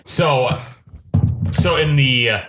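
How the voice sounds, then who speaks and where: A man's voice: mid-range voice, background noise. A man co-hosting a movie podcast, recapping scenes casually with lots of fillers. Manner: retells scenes with quick put-on voices, fillers. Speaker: podcast co-host. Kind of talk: casual film review chat.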